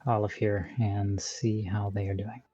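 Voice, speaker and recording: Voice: deep voice, level tone, measured pace, mellow, no echo, muffled recording. A player in a tabletop game, talking in a laid-back way. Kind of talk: casual tabletop play.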